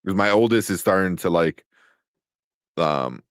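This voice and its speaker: Low-voiced, animated man in casual chat. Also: a little slow, no room sound, clean studio sound. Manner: animated, laughs often, restarts his sentences. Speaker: co-host.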